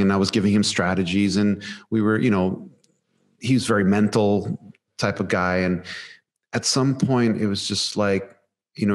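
A man sharing a personal story in a heartfelt conversation, emotional and soft-spoken in places. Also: fairly low pitch. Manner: warm storytelling, emotional, softens to near whisper for quotes. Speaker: panel speaker.

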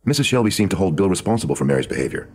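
A man voicing a sharp, sardonic woman screenwriter of the 1920s in a true crime audio drama, with a dry, knowing manner. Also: low voice, very animated, rapid-fire, husky, pitched above the performer's own voice, heavily acted. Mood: confiding.

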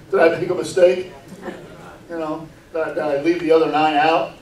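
A man's voice: on the high side, steady tone, brisk, darkish tone. A man preaching a sermon as pastor, earnest and full of rhetorical questions, often repeating words as he goes. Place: church sanctuary. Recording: echoey room, mic far off.

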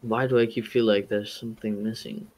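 A man's voice: lowish voice, little pitch movement, a little fast, a little mellow. A man chatting casually with a friend while gaming, teasing him bluntly and swearing when annoyed. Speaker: friend playing along.

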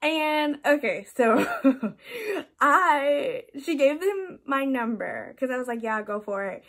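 A woman's voice: high voice, animated, takes it slowly, a bit bright. A young woman telling a story on her vlog in a chatty, casual way, laughing often and saying "like" a lot. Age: young adult. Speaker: vlogger.

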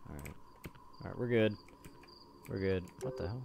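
A man's voice: fairly low pitch, lively intonation, normal speed, creaky, darkish tone, a little hiss or hum. A young man commentating a horror game, jumpy and swearing when scared. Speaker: gameplay commentator.

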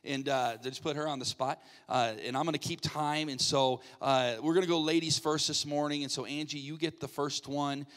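A man, a pastor, playfully hosting a game from the stage, coaxing people up with quick jokey asides. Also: a little high, fairly even intonation, a bit bright. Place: church sanctuary. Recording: reverberant church hall.

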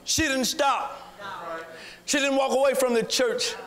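A man pastor, preaching a sermon in a sing-song chant that climbs into shouts. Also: extremely high pitch, fairly even intonation, a little slow.

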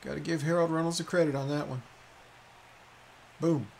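A man's voice: fairly high pitch, fairly even intonation, normal speed, slight background noise. A man casually commenting on his own baseball video game play, reacting aloud as it unfolds. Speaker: gaming video creator. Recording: voice over loud stadium crowd.

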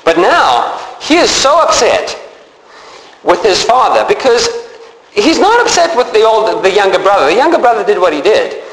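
Man, pastor, high voice, very lively pitch, echoey church hall, long reverb. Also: normal speed, slight background noise. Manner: animated, acts out biblical characters with changing voice. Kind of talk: sermon. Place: church sanctuary.

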